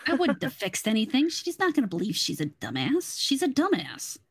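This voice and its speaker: A woman's voice: fairly high pitch, wildly swooping pitch, brisk, slightly rough. Blunt matter-of-fact woman. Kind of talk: casual chat.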